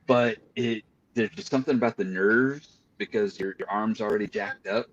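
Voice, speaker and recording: A man guesting on a casual podcast shares candid personal stories with animated delivery. His voice sits fairly low. The recording sounds dull and lo-fi, with the highs muffled. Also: normal speed. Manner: animated, confessional storytelling. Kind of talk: casual chat.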